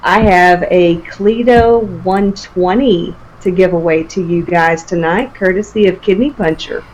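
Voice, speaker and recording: A woman's voice: on the low side, a little slow, darkish tone, a little hiss or hum, rough recording. A woman co-hosting a casual live stream, upbeat as she announces giveaways and sponsor links. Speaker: co-host.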